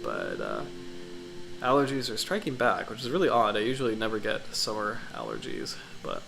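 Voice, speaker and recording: A man's voice: medium pitch, low-quality recording. A congested, sniffly man hosting a casual livestream, rambling enthusiastically with many fillers and restarts. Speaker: livestream host.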